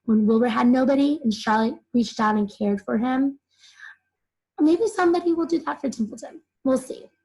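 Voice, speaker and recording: A woman's voice: high voice, normal speed, mellow, breathy edge, rough recording. A young woman teacher explaining a children's novel chapter to her students in simple terms, full of "like" fillers. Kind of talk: recorded reading lesson for children.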